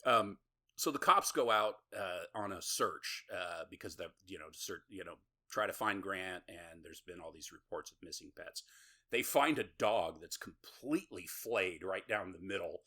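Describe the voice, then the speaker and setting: Guy on a podcast laughing through a gross movie recap, kinda low voice but bright and forceful. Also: expressive, moderate pace, slightly rough. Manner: laughing, swearing, retelling scenes with quoted voices. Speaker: podcast host. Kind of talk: casual movie recap chat.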